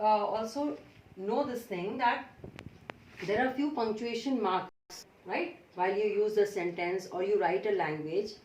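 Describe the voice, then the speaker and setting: A woman's voice: mid-range voice, a little hiss or hum. A woman teacher with an Indian English accent gives a grammar lesson, explaining patiently and often checking in with "okay" and "right?". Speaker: school teacher. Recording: echoey room, far from mic.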